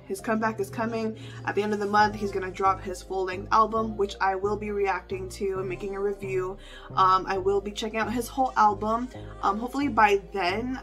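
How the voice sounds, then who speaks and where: A woman's voice: mid-range voice, fairly bright tone. A young woman hosting a reaction channel, chatting casually and gushing with emotional exclamations. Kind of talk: casual reaction video chat. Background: faint music.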